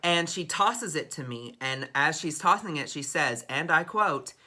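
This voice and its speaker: A young man telling a dramatic storytime vlog, expressive and swearing freely. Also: on the high side, a little slow. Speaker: vlogger.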